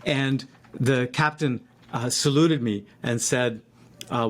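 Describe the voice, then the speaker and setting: A man in his fifties telling a personal story in a reflective, halting way, with frequent restarts. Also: medium pitch.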